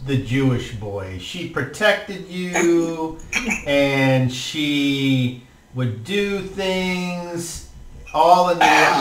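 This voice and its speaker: A man narrating as game master for a tabletop game, in a relaxed, hesitant way. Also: a little high. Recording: roomy echo, distant mic.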